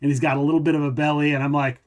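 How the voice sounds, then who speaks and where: A man's voice: on the high side, flat delivery, rapid-fire. A man hosting a podcast who also runs tabletop games, telling a long rambling story that keeps looping back on itself in casual conversation. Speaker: podcast host and tabletop game master. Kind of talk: casual interview chat.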